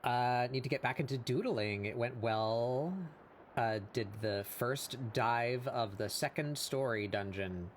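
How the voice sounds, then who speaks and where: A man hosting a casual art live stream, hoarse after hours of talking, rambling with fillers and laughs. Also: mid-range voice, a little slow, a little hiss or hum. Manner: rambling and self-deprecating, with frequent fillers and laughs. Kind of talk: casual live-stream chat while drawing.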